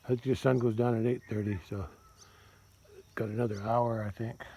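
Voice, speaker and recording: Farmer rambling aloud outdoors. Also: male voice, mid-range voice, little pitch movement, normal speed, dark tone, husky. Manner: rambling, talks aloud to his cattle. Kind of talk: casual self-narrated vlog. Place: outdoors on a farm pasture.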